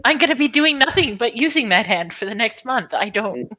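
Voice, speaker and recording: A woman chatting casually on a video call, wry and quick to laugh. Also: fairly high pitch, animated, bright, forceful tone. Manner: wry, laughs often, talks about her anxiety. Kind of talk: casual chat between game sessions. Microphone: video call mic. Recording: dull lo-fi call audio.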